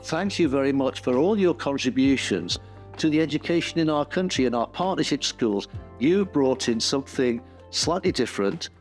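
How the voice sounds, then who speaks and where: A man's voice: mid-range voice, lively intonation, normal speed, soft background music. A man hosting a university interview, encouraging guests with open questions.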